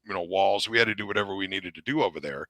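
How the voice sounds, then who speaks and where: A middle-aged man, a retired Marine, telling stories in a rambling, animated way with many fillers. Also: deep voice, racing, no echo. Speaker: podcast guest, retired Marine officer. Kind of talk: casual storytelling interview.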